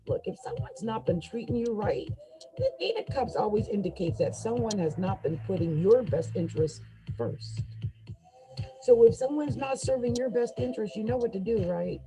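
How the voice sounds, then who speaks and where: A woman giving a casual tarot reading, chatty and upbeat, talking straight to the listener with quick bursts of laughter. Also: medium pitch, low-quality recording. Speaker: tarot reader.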